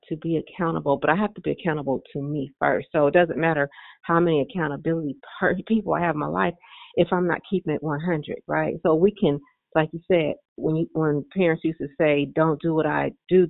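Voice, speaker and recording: A woman caller gives an earnest testimony on a prayer line, leaning on repeated phrases. Her voice carries a gravelly fry, and the sound is thin and phone-like. The call is dry, with no room sound. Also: low-pitched, dry recording. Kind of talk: heartfelt testimony.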